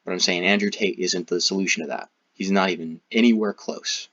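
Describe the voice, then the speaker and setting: A man giving critical commentary in a halting, hesitant way, with frequent restarts. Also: low-pitched, steady tone, a bit bright, slight background noise. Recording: dull, muffled recording.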